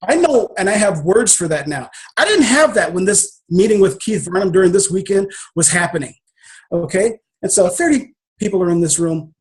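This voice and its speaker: A man's voice: high-pitched, lively intonation, normal speed. A man shares a personal story as a guest, speaking casually and with plenty of emphasis. He acts out the scenes as he goes and does not shy away from profanity. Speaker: author and guest.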